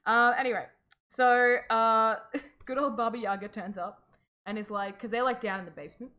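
A woman casually retells an old folk tale to her co-host, full of sarcastic asides. Her voice sits a little high and sounds bright and forward. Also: fairly even intonation, moderate pace. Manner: playful, jokey, sarcastic asides. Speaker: podcast co-host. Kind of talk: casual storytelling chat.

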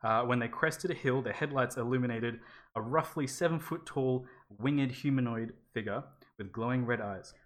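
A woman's voice: a bass voice, moderate pace. A woman co-hosting a podcast, telling a spooky story in casual chat, swearing freely and laughing often. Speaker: podcast co-host.

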